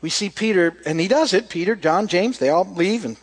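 A man with a fairly high voice preaches in a relaxed, conversational way. He tells scripture as a story and reads passages aloud. Quoted lines come out softer and quieter. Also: brisk, husky. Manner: casual, storytelling, acts out quoted lines softly. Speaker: pastor. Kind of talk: conversational sermon with scripture reading.

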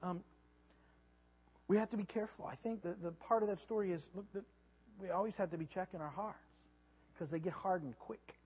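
A pastor preaching a sermon, animated and repeating his words, sometimes acting out voices. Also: high-pitched, fast, breathy edge. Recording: dull lo-fi sound with long hall reverb.

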